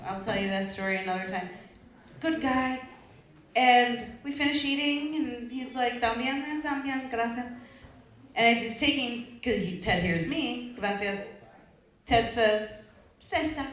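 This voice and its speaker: A woman's voice: a little high, a little slow. A woman hosting a live storytelling night, chatting casually between acts and telling her own short anecdote. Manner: relaxed, chatty, lively. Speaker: host. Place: stage before a live audience. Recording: echoey room with a crowd. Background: audience noise.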